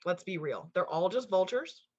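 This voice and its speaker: A woman co-hosting a casual podcast chat, talking in an animated, emphatic way and swearing casually. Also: fairly low pitch, normal speed, slightly rough. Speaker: co-host, intuitive channeler. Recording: dull lo-fi sound.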